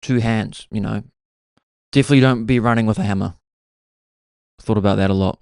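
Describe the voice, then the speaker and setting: A man's voice: lowish voice, steady tone, a little fast, creaky, a little mellow, clear, resonant tone, no room sound, clean studio sound. A young man, hosting a podcast and musing through a laid-back, self-mocking comic monologue. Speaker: podcast host.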